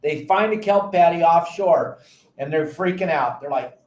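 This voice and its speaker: High-voiced, lively fishing show host. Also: male voice, normal speed, echoey room. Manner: animated storyteller, acts out frantic quotes. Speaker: podcast host and fishing captain. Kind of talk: casual fishing advice talk.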